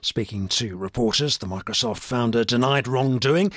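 A man reads the radio news in a measured, formal delivery. His mid-range voice is dry and close-miked. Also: mid-range voice, a bit bright, dry recording. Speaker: newsreader. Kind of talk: news bulletin reading.

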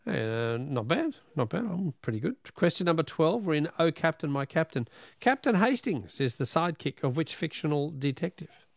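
A man hosting a radio quiz, upbeat with quick banter. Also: on the high side, very animated, creaky, no room sound, studio quality. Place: radio studio.

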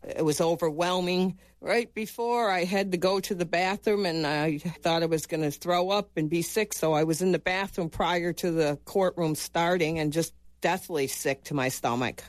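A woman's voice: fairly low pitch, normal speed, hardly any pauses, dry recording. A woman in her fifties, a former boxer, telling her story in an earnest, emphatic way during an interview. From United States. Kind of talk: personal recollection in an interview.

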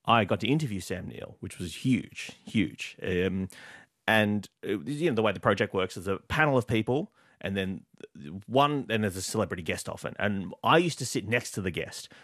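A man's voice: fairly low pitch, moderate pace, no echo, studio quality. A man from Australia, a stand-up comedian and TV host, telling anecdotes as a guest in an interview. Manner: animated, laughing anecdotes with quoted voices.

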